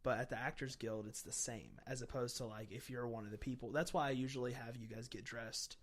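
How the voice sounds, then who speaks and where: A man hosting a casual podcast, trading jokes with friends. His voice sits in a middle pitch. He laughs often and keeps the tone loose. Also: steady tone, a little fast. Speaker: podcast host.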